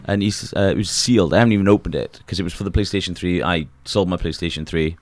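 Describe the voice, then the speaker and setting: A man chatting as a podcast co-host, rambling and halting, swearing as he tells a story. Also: deep voice, dry recording. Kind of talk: casual chat.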